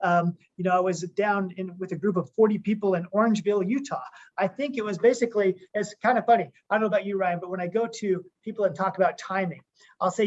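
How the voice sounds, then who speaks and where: A man's voice: sits high, fast talker, a little mellow. A man, a company co-founder, giving an upbeat conference call pep talk, rambling with frequent restarts. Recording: muffled lo-fi call audio.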